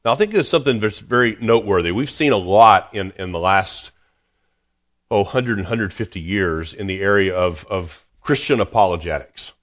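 A man's voice: lowish voice, moderate pace, fairly bright tone. A man preaching a sermon as a pastor, earnest, often restarting and repeating words as he reads and explains scripture.

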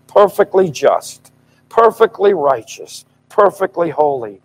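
A middle-aged man preaching a sermon in a fervent, emphatic style, his voice swelling loud at key points. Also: fairly high pitch, big pitch swings, takes it slowly, low-quality recording.

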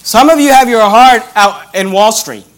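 Here a pastor with a high voice delivers a sermon, reading passages of scripture aloud. He presses his points by repeating key phrases and slowing verses down.

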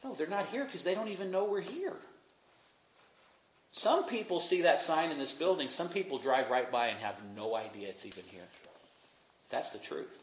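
A young man preaching a sermon as pastor, dropping to quiet asides and rising to loud, emphatic peaks. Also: on the high side, lively intonation, moderate pace. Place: church sanctuary. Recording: echoey room, faint noise.

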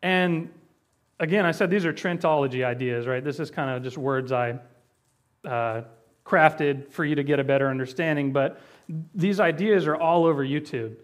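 A man's voice: on the high side, normal speed. Conversational man teaching Bible doctrine. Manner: conversational, explaining with frequent fillers and restarts. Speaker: pastor.

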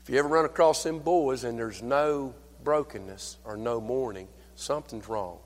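Older preacher in a reverberant church. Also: male voice, mid-range voice, normal speed. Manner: swings between hushed, near-whispered lines and loud, fervent preaching; folksy, conversational storytelling with calls for amen. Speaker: pastor. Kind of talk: sermon. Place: church service.

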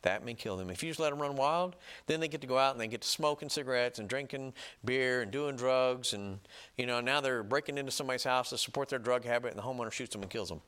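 A man preaching a sermon, emphatic and often checking in with "right?" and "okay?", reading scripture slowly and loudly. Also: medium pitch. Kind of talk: sermon teaching.

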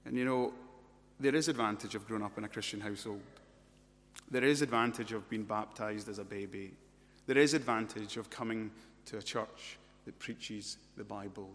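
A man's voice: fairly low pitch, normal speed, fairly bright tone. A man preaching an expository sermon, leaning on rhetorical questions and emphatic repetition. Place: church. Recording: reverberant church hall.

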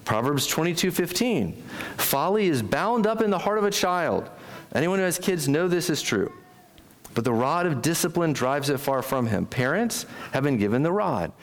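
A man preaching a sermon with a lively delivery. His pitch sits a little high and swings widely as he acts out quoted lines. He talks to the congregation directly and checks in with quick questions. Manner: acts out quoted speech with sharp jumps in pitch. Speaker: pastor.

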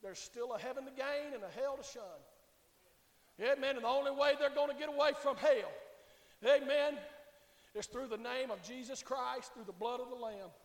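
A man pastor preaching a fiery revival sermon, swinging from hushed tones to hollering, in a church sanctuary. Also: very high-pitched, moderate pace. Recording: echoey church hall reverb.

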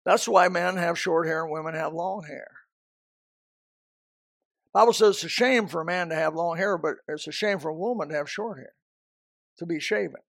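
A man's voice: on the high side, normal speed, creaky, long pauses, fairly bright tone, no echo, clean studio sound. A man preaching a sermon as a pastor, emphatic and repetitive, often restarting his sentences.

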